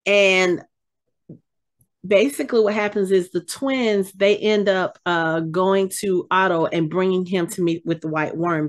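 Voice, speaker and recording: A woman co-hosting a podcast, recapping a TV episode in casual, animated chat and getting exasperated as she retells it. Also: medium pitch. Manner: animated, exasperated storytelling with frequent restarts. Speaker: podcast co-host.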